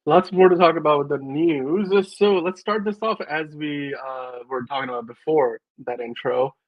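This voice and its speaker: A man hosting a casual podcast, chatty and relaxed, with lots of fillers. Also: a little high, moderate pace, no echo. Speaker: show host. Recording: dry, slightly muffled.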